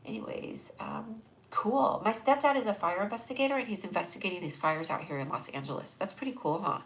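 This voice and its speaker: A woman's voice: fairly low pitch, very animated, fast talker, fairly bright tone, low-quality recording. A young adult woman with a stuffy nose, hosting a casual live stream, rambling and self-deprecating as she reads viewers' jokes aloud. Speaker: host. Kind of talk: casual livestream chat.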